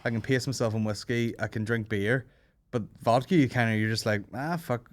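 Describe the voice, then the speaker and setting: A man's voice: mid-range voice, steady tone, brisk. Sweary man, casual banter. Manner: sweary, joking. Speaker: comedy podcast host. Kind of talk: casual chat.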